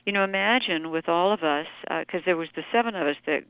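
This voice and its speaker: Woman guest, rambling anecdotal delivery, crisp tone, dry dull recording. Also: on the low side, fast talker, no room sound. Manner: chatty storyteller, many "you know" fillers. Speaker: singer, guest. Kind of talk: casual interview chat.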